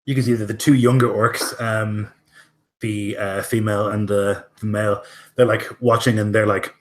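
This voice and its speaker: A man runs a tabletop game, describing scenes in a casual, hesitant way with many fillers. His voice sits on the low side. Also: flat delivery, moderate pace. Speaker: game master.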